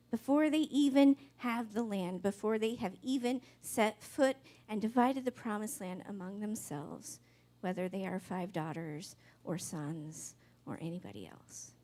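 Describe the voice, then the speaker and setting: A woman with a high voice delivers a sermon. She tells the story casually and wryly, like she is chatting with the congregation. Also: darkish tone. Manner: conversational, wry storytelling preacher. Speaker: pastor.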